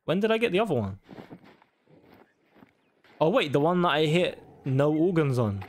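A young man giving casual, sweary commentary on a hunting game and taunting the animals loudly. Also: on the high side, sing-song, normal speed. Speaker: gaming YouTuber.

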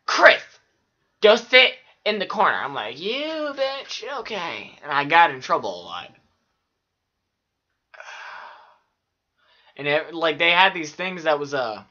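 A man's voice: a little high, pushed and bright, highs cut off. A man telling profane, rambling stories from childhood in a casual vlog. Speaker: vlogger. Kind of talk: casual storytelling.

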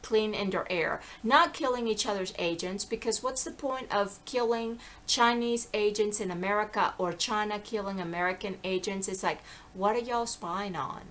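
Bright-voiced woman rambling in animated monologue. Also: medium pitch, normal speed, few pauses. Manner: animated, digressive, slips into quoted voices. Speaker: vlogger. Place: lives in the American South.

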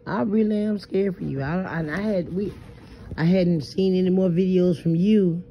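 A woman's voice: fairly low pitch, moderate pace, a little hiss or hum. A woman rambles to her phone from bed at night, stammering, emphatic and swearing freely. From Southern US, New Orleans. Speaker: vlogger. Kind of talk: late-night confessional vlog. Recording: muffled lo-fi phone audio.

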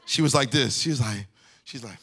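A man in his forties preaching a conversational sermon, telling a family story and talking straight to his congregation, his voice climbing to near-shouts. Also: medium pitch, brisk, slightly rough. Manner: lively, addresses the congregation directly, rising to near-shouts. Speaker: pastor. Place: church sanctuary.

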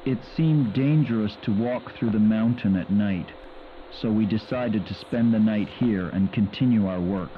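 A man plays a male investigator narrating his diary in a low, toneless drone, each entry read with no emotion at all. The game audio comes through muffled, with a faint hiss underneath. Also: moderate pace, lightly acted. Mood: flat. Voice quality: flat, emotionless delivery. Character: male investigator, flat and sleepy-sounding diarist. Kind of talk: dubbed video game voice acting.

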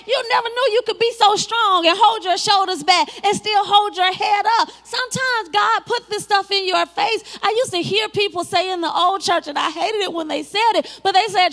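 A woman pastor preaching a sermon, lively and dramatic, with laughs and spoken asides. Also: extremely high pitch.

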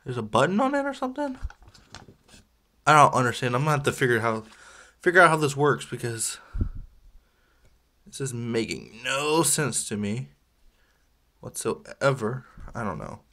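Guy unboxing toys on his channel, rambly and chatty, medium pitched voice, pokes fun at himself. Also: sing-song, normal speed, pauses often, sharp tone. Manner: rambling, chatty, self-deprecating with small laughs. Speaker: toy unboxing vlogger. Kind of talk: casual unboxing chat.

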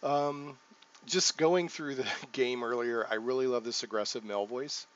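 A man's voice: mid-range voice, steady tone, normal speed, fairly bright tone, muffled recording. A man hosting a casual let's play, thinking aloud as he sets up a character, with many ums and self-corrections. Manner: thinks aloud while clicking through menus, frequent ums and self-corrections. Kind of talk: casual gameplay commentary.

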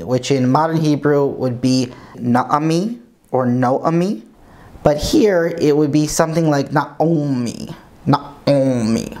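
Man teaching, calm and patient, explains sounds step by step, lesson narration. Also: a little high. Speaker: Hebrew teacher.

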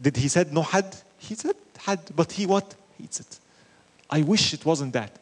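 A man's voice: fairly high pitch, moderate pace. A man teaching an Islamic lecture, telling stories with rhetorical questions and Arabic phrases mixed in. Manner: animated storytelling with rhetorical questions. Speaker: religious teacher.

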